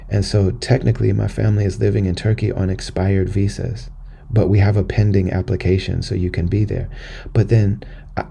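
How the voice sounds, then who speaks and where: An American man talks through a personal story on his podcast, earnest and conversational, circling back over his words. His voice is low, dark and mellow, with a heavy gravelly fry. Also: slight background noise. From United States. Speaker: podcast host. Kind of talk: personal monologue.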